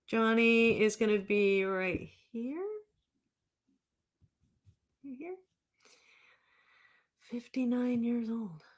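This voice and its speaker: A woman's voice: fairly high pitch, very slow, pauses often. A woman in her fifties, a therapist hosting a livestream, talking casually and rambling as she reads viewer comments aloud. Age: 50s.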